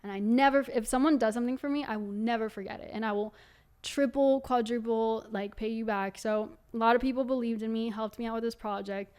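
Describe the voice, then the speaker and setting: A young woman candidly telling her life story to camera as the host of her own show, talking in a quick, loose flow with many fillers. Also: a little high, steady tone, darkish tone, clean tone. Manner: candid and fast-flowing, full of fillers like "like". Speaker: singer and video host.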